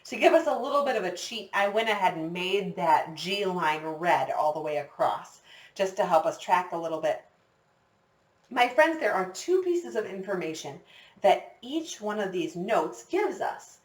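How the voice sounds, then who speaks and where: A woman's voice: lowish voice, sing-song, moderate pace. Encouraging woman teaching recorder. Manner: patient, encouraging, counts students in. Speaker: music teacher. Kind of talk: recorder lesson for children. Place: classroom with a whiteboard. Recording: echoey room, distant mic.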